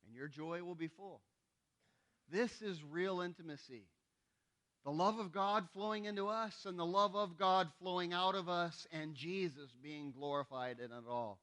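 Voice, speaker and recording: A man's voice: high-pitched, normal speed, sharp tone. A male pastor preaching a sermon, conversational and emphatic, often checking in with the congregation. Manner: conversational, asks the congregation for responses; emphatic repetition.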